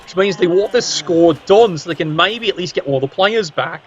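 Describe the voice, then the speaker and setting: A man doing play-by-play commentary of a video game match, with cheeky, sardonic asides and sudden jumps up in pitch. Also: lively intonation, normal speed, muffled recording, slight background noise.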